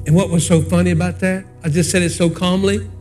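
A man's voice: high-pitched, flat delivery, fast, darkish tone, soft background music. A man in his sixties, a pastor, preaching a sermon in a folksy, conversational storytelling way and moving into prayer.

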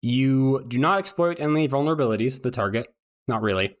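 A man narrating as game master of a tabletop role-playing game, relaxed and joking with his players. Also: medium pitch, brisk. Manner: relaxed, joking, stops to laugh at his own flubbed accents.

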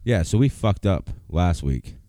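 A man's voice: sits low, animated, a little slow, mellow, dry recording, clean studio sound. A man co-hosting a podcast, chatting casually and bluntly with lots of swearing. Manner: blunt and profane. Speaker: podcast co-host. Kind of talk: casual chat.

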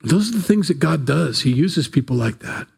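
A man's voice: on the high side, expressive, moderate pace, vocal fry, darkish tone, breathy edge. A man preaching a sermon in a casual, conversational way, telling the story with playful asides. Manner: casual storytelling, acts out biblical characters in playful voices. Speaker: pastor.

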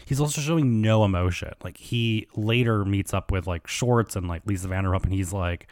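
A man's voice: on the low side, moderate pace, darkish tone, dry recording, clean studio sound. A man hosting a solo podcast, rambling through celebrity gossip in a casual way, with constant fillers and swearing. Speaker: podcast host.

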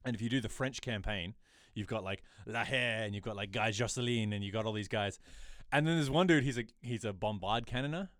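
A man in his thirties co-hosts a podcast in easygoing chat. He is an animated storyteller who keeps jumping into squeaky impressions. His voice sits at an ordinary pitch, and the sound is close and dry. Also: fast, no echo. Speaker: podcast co-host. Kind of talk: casual chat.

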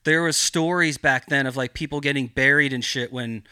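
A man's voice: mid-range voice, normal speed, pushed and bright, clean tone, no echo, studio quality. A man guesting on a podcast, telling a story in casual style with heavy swearing and lots of rambling filler. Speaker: podcast guest, cannabis grower.

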